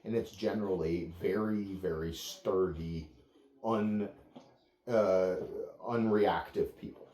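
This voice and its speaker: A man working as a dog trainer, explaining to clients in a calm, steady, plain-spoken way. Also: sits low, slow pace, echoey room.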